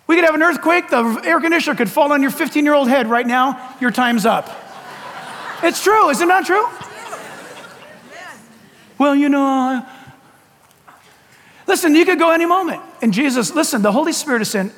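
A male pastor preaching a sermon in an animated way, acting out urgent calls and laughing with the crowd. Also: very high-pitched, measured pace, pauses often, long reverb tail, a little hiss or hum.

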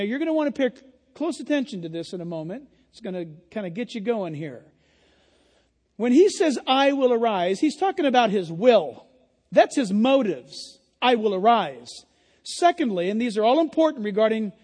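High-voiced man preaching in a reverberant hall. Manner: impassioned preaching, yelling. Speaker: pastor. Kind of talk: sermon.

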